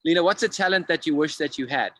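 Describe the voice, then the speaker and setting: A man hosting a casual interview over a video call, putting quick rapid-fire questions to his guest. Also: a little high, fairly bright tone. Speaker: interview host.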